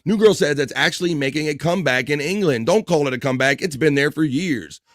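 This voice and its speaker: A man's voice: on the high side, dry recording, studio quality. A man hosting a livestream, reading out and teasing chat comments in a hyped, joking way. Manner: hyped, teasing, quick shout-outs. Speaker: livestream host.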